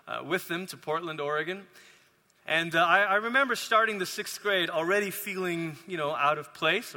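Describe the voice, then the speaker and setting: A man's voice: fairly high pitch, sharp tone, in a large hall. A man who grew up in Malaysia, preaching a sermon as a pastor in a conversational, storytelling manner.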